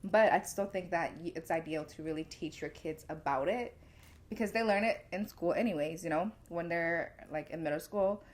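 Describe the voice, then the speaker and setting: A woman's voice: on the low side, normal speed. A young woman co-hosting a podcast, talking in a candid, casual way, swearing freely and acting out her own inner voice. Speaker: podcast co-host. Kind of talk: casual chat.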